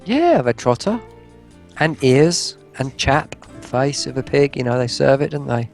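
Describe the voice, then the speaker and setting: A man's voice: medium pitch, big pitch swings, a little slow, gravelly, soft background music. A man, a guest on a stream, chatting in a rambling, teasing way and laughing at his own jokes. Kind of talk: casual chat.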